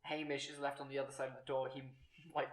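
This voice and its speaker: A man's voice: medium pitch, little pitch movement, fast, far from the mic. A man running a tabletop game as game master, narrating in a rambling, hesitant way. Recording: echoey room, off-mic.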